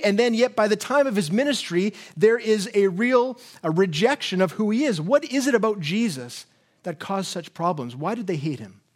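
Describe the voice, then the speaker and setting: Guy preaching, pretty high voice, tells stories and reads scripture. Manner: animated storytelling with put-on voices. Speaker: pastor. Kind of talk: sermon.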